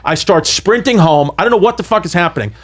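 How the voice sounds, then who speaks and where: A man, telling a wild story on a podcast in an animated, profane way. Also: high-pitched, fast. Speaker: comedian guest.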